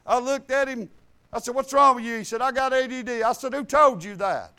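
A man's voice: very high voice, brisk, bright, forceful tone, clean tone. A man preaching a sermon, retelling talks with God and mixing scripture quotes with folksy plain talk.

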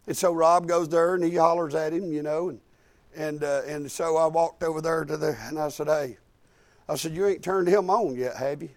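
A man's voice: a little high, moderate pace. A man, preaching in a folksy, rambling storytelling way and repeating "I said" as he goes. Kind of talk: sermon storytelling.

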